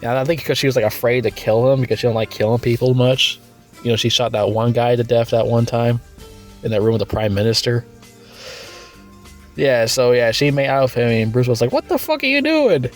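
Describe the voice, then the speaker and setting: A man casually reviewing a movie, rambling and swearing a lot, with sudden loud, incredulous rants. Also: little pitch movement, brisk, faint music behind. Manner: rambling and crude, with frequent swearing and fillers; breaks into loud, high-pitched incredulous rants.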